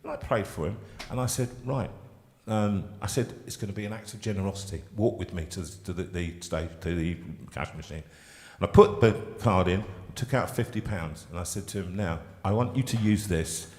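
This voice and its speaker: Male host, lowish voice, halting heartfelt storyteller, recorded with a long room echo. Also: a little mellow. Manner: halting, emotional storytelling with many restarts. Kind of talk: live chat show storytelling.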